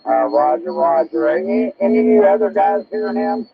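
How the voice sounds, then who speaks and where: A man's voice: mid-range voice, wildly swooping pitch, brisk, creaky, highs cut off. A man from southern Indiana chatting and joking on a ham radio net in a friendly, talkative way. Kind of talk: casual radio chat. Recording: shortwave radio with light static.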